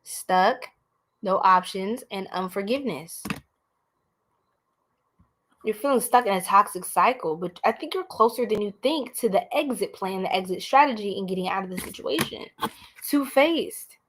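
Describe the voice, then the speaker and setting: A woman's voice: mid-range voice, moderate pace, slight background noise. Chatty American woman reading tarot live. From United States. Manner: chatty, animated, talks straight to viewers as y'all. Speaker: tarot reader.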